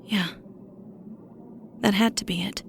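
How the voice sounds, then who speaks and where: A woman reading a first-person horror story as narrator, steady with a tense edge. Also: mid-range voice, slow, creaky, slight background noise.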